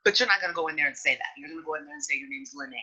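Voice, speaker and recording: A woman hosting a podcast in casual chat, outspoken and frank, with an animated delivery. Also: low voice, racing, slightly rough, dull audio. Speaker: podcast host.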